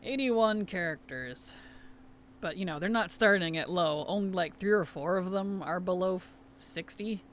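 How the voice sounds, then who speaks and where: A man's voice: high-pitched, normal speed, a bit bright, slight background noise. A man chatting casually on a game live stream, answering viewer chat with easy laughs. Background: background music.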